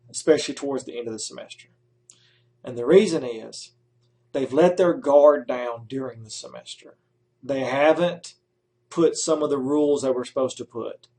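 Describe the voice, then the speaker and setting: A man's voice: mid-range voice, a little mellow. A middle-aged man who supervises student teachers, giving emphatic advice and repeating his key points.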